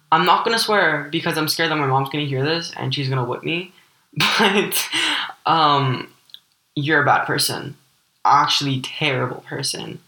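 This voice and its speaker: Teen girl from ukraine podcasting, deep-ish voice, says like a lot, pretty echoey room. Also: pushed and bright. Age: teens. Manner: candid, rambling, heavy use of "like" fillers. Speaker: podcast host. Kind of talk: personal storytelling podcast.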